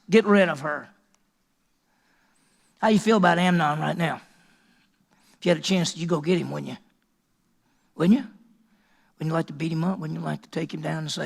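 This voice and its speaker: A man's voice: high-pitched, steady tone, fairly quick, gravelly. A male senior pastor preaching a sermon, emphatic and full of rhetorical questions to the congregation.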